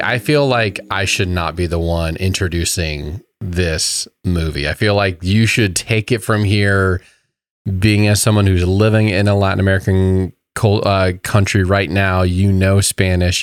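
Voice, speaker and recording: A man's voice: low-pitched, steady tone, a little slow, clean tone, no room sound, studio quality. A man in his thirties co-hosting a podcast in casual chat, self-deprecating and stumbling over his words now and then. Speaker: podcast co-host.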